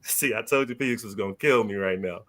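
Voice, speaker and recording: A man's voice: on the low side, fast talker, bright, forceful tone. A man guesting on a podcast, telling a personal story in a loose, slangy way with lots of "like" and "you know" and laughter mixed in.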